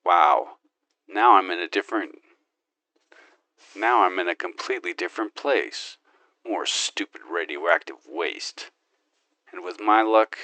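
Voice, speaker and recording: A man's voice: deep voice, sharp tone, no echo, full character voice. A man voicing a cocky, gun-loving male space marine hero who brags, wisecracks and makes his own gun sound effects in an in-character game monologue.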